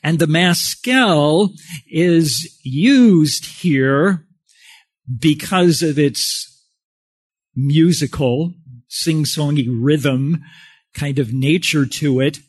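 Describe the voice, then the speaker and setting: Male pastor preaching in a folksy, joking manner; slow pace, dry close-miked sound. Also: on the high side, slightly rough, dry recording. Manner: folksy and conversational, with self-deprecating humor. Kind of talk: sermon.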